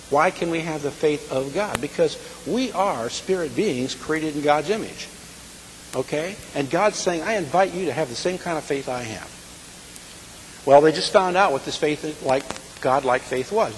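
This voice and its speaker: A man teaching a sermon in a conversational way, often checking in with his listeners. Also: mid-range voice. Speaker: Bible teacher. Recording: echoey hall with faint hiss.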